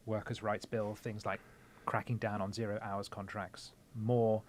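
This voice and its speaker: A man's voice: fairly low pitch, level tone, measured pace, slight background noise. A man co-hosting a politics podcast, laying out background to listeners in an explanatory way. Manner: explanatory, lays out the context. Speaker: podcast co-host. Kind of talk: political discussion.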